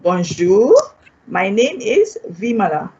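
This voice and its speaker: A Malaysian woman teaching a beginners' French class online, patiently repeating each word in slow, clear steps. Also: medium pitch, sing-song, mellow. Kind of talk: online language lesson. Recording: dull lo-fi online class audio.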